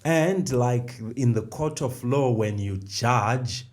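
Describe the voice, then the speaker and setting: A man's voice: medium pitch, lively intonation, slow, a little mellow. A middle-aged man co-hosting a faith podcast, explaining ideas step by step and repeating the key phrases. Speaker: podcast co-host. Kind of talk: conversational faith discussion.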